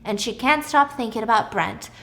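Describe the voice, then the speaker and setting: A young woman hosting a podcast, telling a story in a casual, animated way and acting out the people in it. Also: a little high, moderate pace, a little hiss or hum. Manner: animated, acts out characters with shouting and whispers. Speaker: podcast host. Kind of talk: casual storytelling with voiced quotes.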